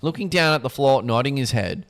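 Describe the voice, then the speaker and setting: A man's voice: mid-range voice, lively intonation, fairly quick. Man reading a book aloud on a livestream. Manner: casual asides with swearing between read passages.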